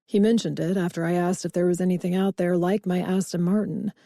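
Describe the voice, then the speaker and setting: A woman's voice: fairly low pitch, fairly even intonation, brisk, warm tone, no echo, clean studio sound, lightly acted. A woman voicing a wealthy, confident man who teases with an easy, self-assured manner, in an audiobook reading. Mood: teasing.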